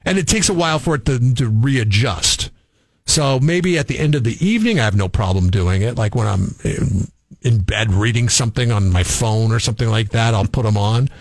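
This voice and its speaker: A man's voice: medium pitch, animated, moderate pace, no echo. A man co-hosting a casual morning radio show, rambling wryly through stories. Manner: rambling, wry, storytelling.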